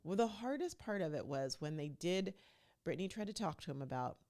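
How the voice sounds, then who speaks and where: A woman's voice: fairly low pitch, animated, fairly quick, darkish tone. A woman hosting her own podcast, chatting casually and emphatically as she recaps reality TV and speaks straight to her listeners. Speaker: podcast host.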